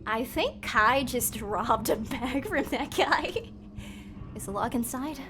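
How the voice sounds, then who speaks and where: A young woman streaming a game live, reading the characters' lines aloud and reacting with loud panicked outbursts. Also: fairly high pitch, takes it slowly, over music. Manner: switches between calm read-outs and loud panicked outbursts.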